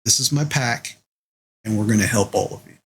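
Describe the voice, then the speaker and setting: A man doing a calm werewolf pack leader. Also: lowish voice, normal speed, voice pushed down, close to an everyday voice. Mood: calm, reassuring. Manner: calm, soothing, drawling.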